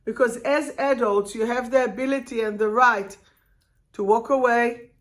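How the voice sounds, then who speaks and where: A woman spiritual life coach talking live to her viewers, expressive and direct, drawing out her words and asking them questions. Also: fairly high pitch, moderate pace. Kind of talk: live-stream talk to viewers.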